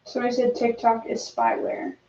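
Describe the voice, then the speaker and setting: Woman co-host, slightly high voice, casual chat with ums, recorded from across an echoey room on a dull mic. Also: sing-song, a little fast, creaky, mellow, a little hiss or hum. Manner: reads news headlines aloud with hesitant ums. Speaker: livestream co-host. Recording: distant, roomy, dull-sounding.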